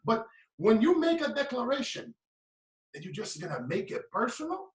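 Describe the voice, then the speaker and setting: A man's voice: very high-pitched, very animated, normal speed. A man, giving a preaching, emphatic motivational talk as a guest speaker. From Brazil. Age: late 30s. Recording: echoey room, mic at a distance.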